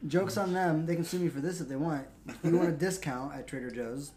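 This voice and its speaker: A man's voice: a little high, a little fast, dark tone, a little hiss or hum. A man hosting a crude casual podcast, rambling through stories and swearing freely.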